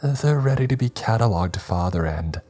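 A man voicing an unhinged adult son who talks with calm menace and a whimpering servility, over faint music. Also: lowish voice, moderate pace, breathy edge, voice pushed up. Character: unhinged adult son, male, psychopathic, servile to his father.

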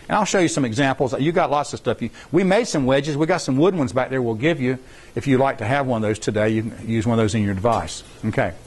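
A middle-aged man, explaining rules to students in an informal, rambling workshop style and repeating points for emphasis. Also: mid-range voice. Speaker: science competition workshop instructor.

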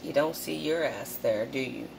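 Low-voiced, blunt, profane woman vlogger. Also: moderate pace, gravelly, slight background noise. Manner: blunt and profane, talks straight to viewers; animated, acts out quotes in a raised voice. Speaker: channel host. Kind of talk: casual to-camera vlog.

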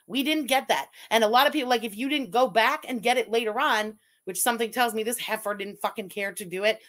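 A woman's voice: on the high side, quick pace, fairly bright tone. Woman host, brash and sweary, reads chat in a raised voice. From Quebec. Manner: profane, mocking, reads chat aloud. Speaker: livestream host. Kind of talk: casual livestream commentary.

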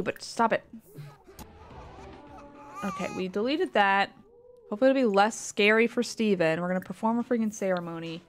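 Exasperated woman streaming a game. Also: medium pitch. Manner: exasperated, swearing, muttering asides. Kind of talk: casual gameplay commentary.

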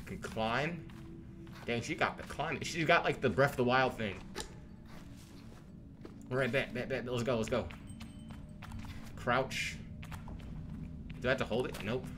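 A young man talks his way through a game in easy, slang-heavy commentary. His voice sits at an ordinary mid pitch and jumps up when he gets excited. Faint game music plays underneath. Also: measured pace, long pauses. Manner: chatty and excitable, slangy, reads in-game text aloud. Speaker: gamer. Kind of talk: casual gameplay commentary.

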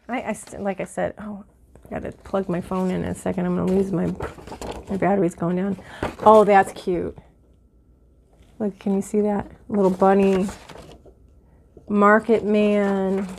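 Middle-aged woman, vlog host, chatty and easily excited, slightly teary, mid-pitched voice. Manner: chatty and excitable, with many fillers. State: teary-eyed. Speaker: vlogger. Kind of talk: casual haul and mail-opening chat.

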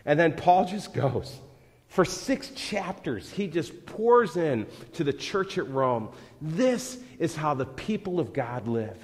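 A pastor preaches a live sermon in a church sanctuary, a large reverberant hall, talking conversationally before rising into dramatic scripture readings. His voice is on the high side with big pitch swings and a slow pace.

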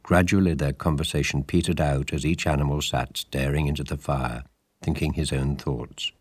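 A man with a very low voice reads a storybook aloud, measured and lively in his telling. The recording is close and dry, with no room sound. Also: slightly rough, no room sound. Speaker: audiobook narrator. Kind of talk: scripted storybook narration.

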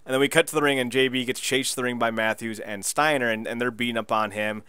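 A man co-hosting a podcast, excitedly recapping a show in casual chat, laughing and swearing as he goes. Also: mid-range voice, fast talker, smooth, no echo. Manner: excitable, laughing, profane storyteller. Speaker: podcast co-host.

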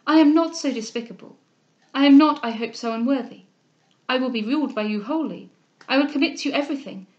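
A woman's voice: on the high side, fast, highs cut off, close to an everyday voice. A woman reading the part of a distressed young heiress, emotional and pleading.

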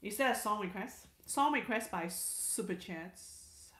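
A woman's voice: medium pitch, animated, measured pace, a bit bright, reverberant. A woman hosting a casual livestream, reading viewer comments aloud in a chatty way, repeating words and restarting sentences. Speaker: livestream host.

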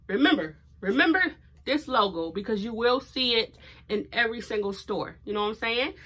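A young woman vlogging about her small business, teary and emotional, speaking in fervent motivational declarations. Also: fairly high pitch. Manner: animated and expressive, many fillers. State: teary from crying. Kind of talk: casual heartfelt talk to camera.

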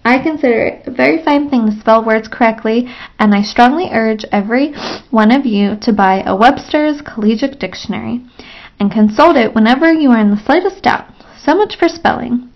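A woman reading the part of a small male mouse acting as schoolteacher, brisk and offhand, on a lo-fi recording. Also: on the high side, natural voice.

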